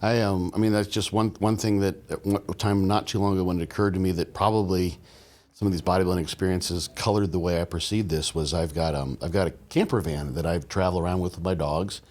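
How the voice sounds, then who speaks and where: A man's voice: fairly low pitch, a little mellow. A man talking as a guest on a podcast in a loose, rambling way, with many restarts and fillers and a laugh now and then. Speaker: podcast guest, bodybuilding coach. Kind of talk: casual podcast conversation.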